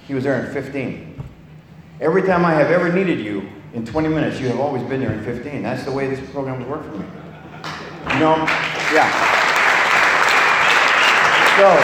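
A man's voice: a little high, slight background noise. Older man telling his story, salty and rambling. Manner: rambling, salty, with many restarts. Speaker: recovery meeting speaker. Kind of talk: personal testimony talk. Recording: echoey hall with long reverb.

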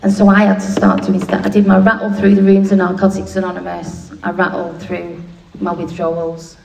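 A woman's voice: on the low side, completely flat delivery, normal speed, gravelly, darkish tone. Blunt woman sharing, echoey room. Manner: blunt, swearing, self-mocking humour. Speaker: speaker sharing at a recovery meeting. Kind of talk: candid comic recovery share. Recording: echoey room, distant mic, faint noise.

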